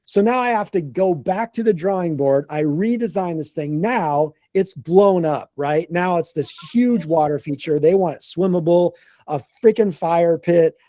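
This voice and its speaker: A man telling a casual work story in an animated way, acting out the quotes and restarting his sentences often. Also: fairly high pitch, unhurried, no room sound, studio quality.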